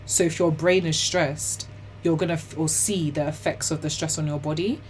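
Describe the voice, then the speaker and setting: A young woman, telling her own story as an interview guest in a chatty, animated way, full of "like" and "you know". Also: low-pitched, moderate pace, a little hiss or hum. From Ghana and the UK. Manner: laughs often while telling hard stories.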